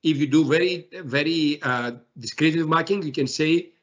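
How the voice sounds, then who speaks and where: A man presenting a software demo in a webinar, talking haltingly with many fillers and restarts. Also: on the high side, dull audio.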